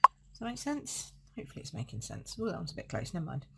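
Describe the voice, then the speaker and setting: A woman's voice: sits low, wildly swooping pitch, fast talker, gravelly, a little mellow, slight background noise. A woman leading a live card-making demonstration, chatting, thinking aloud and correcting herself as she works. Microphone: desk setup streaming live.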